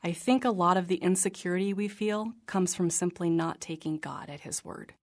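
A woman reading her personal faith memoir aloud in an earnest, reflective manner, sometimes dropping to a soft whisper. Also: fairly low pitch, moderate pace. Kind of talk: scripted narration.

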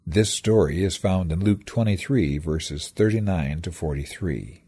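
Man, devotional storyteller, dark and husky tone. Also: low-pitched, measured pace. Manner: reflective, dramatic storytelling with scripture references. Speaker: devotional speaker. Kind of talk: scripted devotional narration.

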